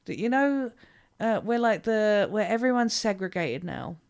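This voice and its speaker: A British woman co-hosting a casual podcast, her voice smooth and resonant. She tells rambling stories, drifts off on tangents and swears without a second thought. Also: mid-range voice, moderate pace. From Britain. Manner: animated rambling storyteller, swears freely, goes off on tangents. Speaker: podcast co-host. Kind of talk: casual chat.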